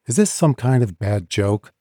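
A man's voice: medium pitch, lively intonation, normal speed, dark tone, dry recording, studio quality, pitched above the performer's own voice, close to an everyday voice. A man voicing a friendly, teasing young woman bartender in an audiobook. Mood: uneasy. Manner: chatty, playful.

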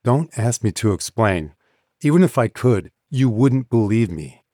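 A man's voice: mid-range voice, very animated, a little slow, warm tone, no room sound, clean studio sound, voice pushed up. A man voicing a stunned, urgent man lost in time in an audiobook. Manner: urgent, insistent. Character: shaken man thrown back in time, urgent.

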